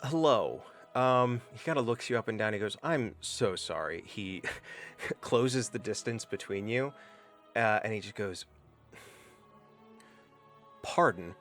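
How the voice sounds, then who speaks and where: Male game master, low voice, loose and rambling narration. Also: steady tone, normal speed, fairly bright tone, soft background music. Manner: loose, rambling, with many fillers and restarts.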